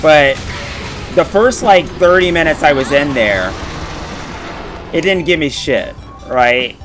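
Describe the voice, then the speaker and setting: A man's voice: a little high, expressive, slow pace, over music. A man chatting casually while playing a game, laughing often and swearing freely. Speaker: gaming streamer. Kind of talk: casual chat while gaming.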